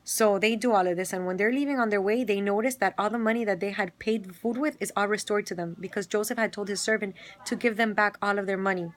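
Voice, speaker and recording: A woman's voice: mid-range voice, quick pace. A woman casually retelling a Bible story, filling it with quoted dialogue and everyday fillers.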